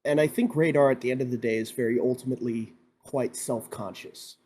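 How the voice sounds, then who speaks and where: A man co-hosting a casual podcast, sharing measured, thoughtful reflections. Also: medium pitch, warm tone, slight background noise. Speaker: podcast co-host. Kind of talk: casual chat.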